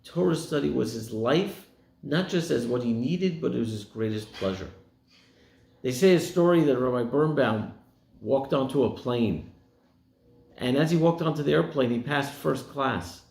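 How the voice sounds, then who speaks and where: A man's voice: lively intonation, moderate pace, gravelly, a little mellow. A man rabbi giving a sermon, telling stories and acting out the people in them. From United States. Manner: storytelling, voicing quoted people with rising pitch. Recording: echoey room.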